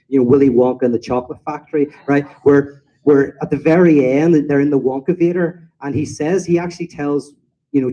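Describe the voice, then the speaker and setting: A man's voice: mid-range voice, warm tone, poor audio. A man answering audience questions in an informal talk, rambling and acting out quoted voices as he tells stories. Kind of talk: informal lecture Q&A.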